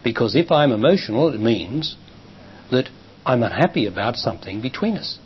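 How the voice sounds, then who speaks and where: Australian older man giving a talk, lively pitch. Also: normal speed. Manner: calm, emphatic, acts out quoted dialogue. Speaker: spiritual teacher. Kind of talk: public talk answering a question. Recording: muffled 1990s live talk tape, faint hiss.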